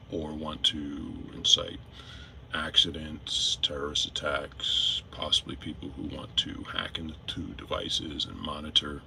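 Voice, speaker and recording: A man's voice: extremely low pitch, gravelly, pushed and bright, slight background noise. A man who drives trucks, talking casually and emphatically to his viewers, repeating his points. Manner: repetitive, emphatic, addresses viewers directly. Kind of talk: casual to-camera monologue. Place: in a vehicle.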